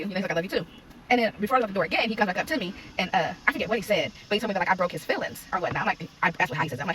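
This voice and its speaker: A young adult woman, a parenting content creator, telling a story from her morning in a casual, animated vlog and acting out the quotes. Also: mid-range voice, distant mic, a little hiss or hum. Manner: rapid, animated retelling with acted-out quotes.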